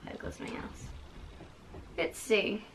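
A woman's voice: measured pace, slight background noise. A young woman vlogging casually to camera, gushing and full of fillers, now and then dropping to a whisper.

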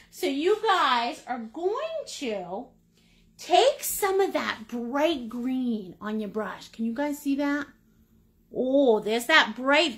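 A woman's voice: sits high, a bit bright. A middle-aged woman teaching a live paint-along class, playful and chatty, with pet names and silly sound words. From Maine, United States. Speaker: painting instructor.

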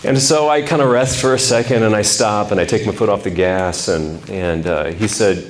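A middle-aged man telling a humorous personal story to a men's group, with lively, animated delivery. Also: on the low side, normal speed, few pauses. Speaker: speaker at a men's ministry event. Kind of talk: storytelling talk.

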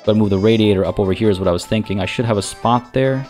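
Low-voiced man thinking aloud over a game. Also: quick pace, darkish tone, soft background music. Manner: chatty, self-deprecating, thinking aloud. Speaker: let's play host. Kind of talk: game commentary.

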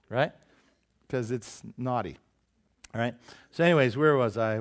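A man preaching a sermon with a voice pitched a little above most men's. He is animated and talkative, often throwing questions to the congregation and acting out quotes, sometimes with sudden shouts. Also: unhurried, pauses often. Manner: animated preaching with call-and-response asides to the congregation. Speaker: pastor.

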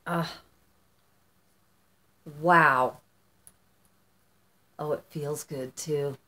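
A woman's voice: sits low, fairly even intonation, drawn-out words, pushed and bright. A middle-aged woman from the United States chatting casually on her vlog as she opens fan mail, gushing and rambling with many restarts. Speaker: vlogger.

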